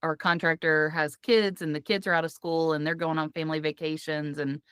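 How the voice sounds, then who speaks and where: A woman co-hosting a casual podcast from a clothes closet, chatty and quick to laugh. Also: low voice, flat delivery, clear, resonant tone, no room sound, clean studio sound. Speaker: podcast co-host. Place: walk-in closet among hanging clothes.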